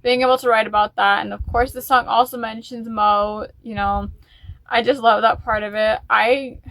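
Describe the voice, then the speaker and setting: A woman's voice: on the high side, fairly even intonation, normal speed, a bit bright, dry recording. A woman chatting in a casual music vlog, rambling and openly emotional. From United States. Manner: chatty and rambling, with fillers and restarts. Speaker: music vlogger.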